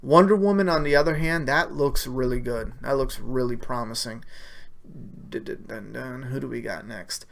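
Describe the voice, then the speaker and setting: Hosting a casual live stream, a man with a medium-pitched, creaky voice reads out viewer questions at normal speed. His answers are blunt, profane opinions packed with fillers.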